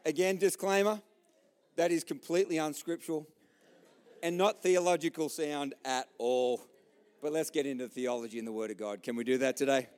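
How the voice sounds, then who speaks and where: At a church service, a man with an Australian accent preaches with lively, humorous storytelling, talking straight to the congregation. His voice is a little high, clear, and resonant, at a moderate pace.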